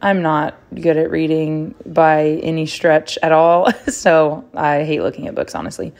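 A woman's voice: deep voice, measured pace, vocal fry, a little mellow, muffled recording. A young woman vlogging casually, chatting in a rambling, candid way as she runs weekend errands. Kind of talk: casual vlog chat. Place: parking lot, then store.

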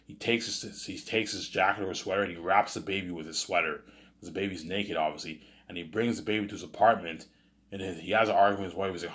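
A man casually pitching a story idea out loud, rambling with lots of restarts and asides, and now and then swearing. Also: fairly even intonation, fast talker. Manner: rambling, with many restarts and "you know what I'm saying". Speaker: host.

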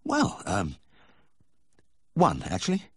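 A man's voice: deep voice, wildly swooping pitch, slow pace, a bit bright, husky, no room sound, full character voice. A man voicing a nervous young male veterinary student who stammers and hesitates, in a dry, close audiobook reading. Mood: sheepish.

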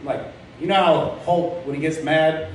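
A young man on a comedy club stage, talking in a rambling, crude, self-mocking way with a slightly higher voice than most men. The sound bounces heavily around the room and is picked up from a distance, with faint ambience underneath. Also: steady tone, unhurried, a little hiss or hum. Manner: rambling, filler-heavy, crude and self-deprecating. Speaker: stand-up comedian. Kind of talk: stand-up comedy set. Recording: very echoey club room heard from far off.

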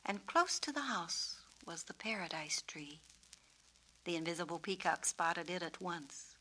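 A woman, the author, reading her own storybook in a clear, measured, descriptive way. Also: on the low side, bright, forceful tone, slight background noise, poor audio. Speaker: author and narrator. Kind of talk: storybook narration.

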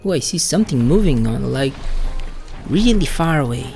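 Rumbling low and gravelly, a woman plays through a game at normal speed with faint music behind her. Her let's play commentary is excitable and full of swearing, with shrieks at surprises and remarks aimed at the enemies.

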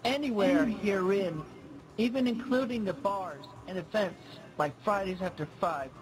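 A man narrating his own video in a scripted, earnest and plaintive way, speaking deliberately. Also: high voice. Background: music.

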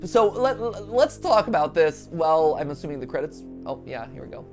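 A woman hosting a let's play, jokey and excitable, laughing often and slipping into silly voices, over light background noise. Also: low voice, normal speed, few pauses, faint music behind. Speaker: host.

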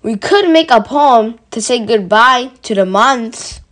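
A woman voicing a gentle, thoughtful male bear in a storybook reading, speaking calmly. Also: on the high side, takes it slowly. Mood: musing.

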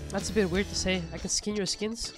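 Excitable woman gaming host. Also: mid-range voice, a little fast, music in the background. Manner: excitable, exclamatory, talks to viewers. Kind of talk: excitable gameplay commentary.

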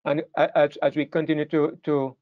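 A male preacher delivering a sermon in an emphatic, repetitive manner, his voice sitting a little high for a man. The sound is dry and close, with a somewhat dull, muffled tone. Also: flat delivery, moderate pace, no room sound. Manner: emphatic, repeats words and restarts phrases.

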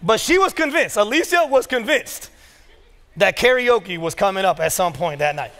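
A man's voice: high voice, animated, moderate pace, a bit bright. A man in his thirties preaching a sermon, telling family stories with casual asides and quoted dialogue. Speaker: pastor. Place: church sanctuary. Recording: long reverb of a church hall.

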